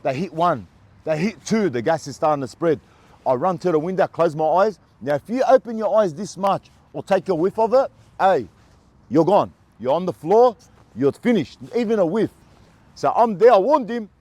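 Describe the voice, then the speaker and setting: Australian man, slightly high voice, dry close sound; animated casual storyteller who stumbles and repeats words. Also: normal speed, no room sound. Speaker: former prisoner telling his story.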